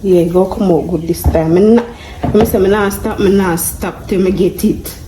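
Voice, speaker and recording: A woman's voice: on the low side, fairly even intonation, normal speed, roomy sound, noisy background. A woman chatting casually while cooking, laughing at herself as she goes. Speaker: home cook vlogger. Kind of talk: casual cooking vlog chat.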